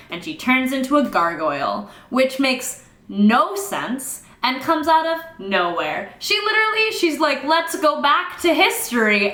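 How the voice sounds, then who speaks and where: A young woman recapping a novel in casual, sarcastic, exasperated chat, acting out the characters in quick asides. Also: high-pitched, pushed and bright. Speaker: book reviewer. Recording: echoey room.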